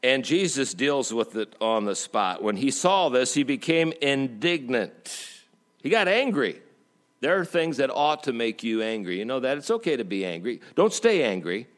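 A man preaching as a pastor in a church, telling jokes in a folksy way and slowing down for emphasis. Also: mid-range voice, big pitch swings. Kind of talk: sermon.

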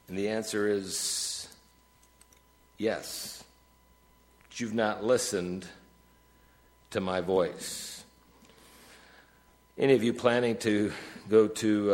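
Emphatic male preacher. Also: on the low side. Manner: rises to emphatic peaks when reading scripture, drops to soft asides. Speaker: pastor. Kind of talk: sermon. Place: church sanctuary.

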